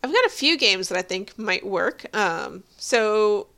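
A woman's voice: medium pitch, very animated, unhurried, gravelly, sharp tone. A woman co-hosting a casual podcast, sharing trivia with little laughs. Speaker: podcast co-host. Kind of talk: casual episode review chat.

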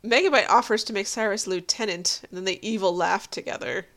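A woman's voice: mid-range voice, a little fast, fairly bright tone, faint music behind. A young adult woman co-hosting a casual show, animatedly recapping an episode and laughing often. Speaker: podcast co-host.

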